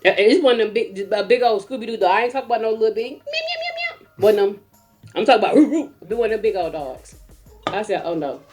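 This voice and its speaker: Chatty mom ranting for laughs, mid pitch, little bit of music playing under her. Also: quick pace. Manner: animated and comic, acts out voices. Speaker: mother. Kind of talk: casual storytelling rant.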